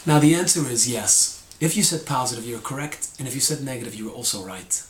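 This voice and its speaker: A man's voice: mid-range voice, quick pace, reverberant, a little hiss or hum. A man teaching a short Torah lesson, explaining and acting out tones of voice.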